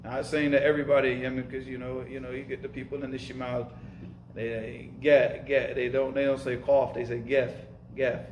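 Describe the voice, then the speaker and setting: A man's voice: medium pitch, little pitch movement, fairly quick, a little mellow, reverberant, highs cut off, a little hiss or hum. A man teaching an informal lesson, speaking casually and emphatically, repeating himself and mixing in Arabic terms. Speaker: Arabic and Islamic studies teacher. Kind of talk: informal lesson with live questions.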